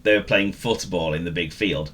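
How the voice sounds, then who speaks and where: A man's voice: low-pitched, normal speed, a bit bright. A man narrating a children's story, with playful, teasing asides to the listener.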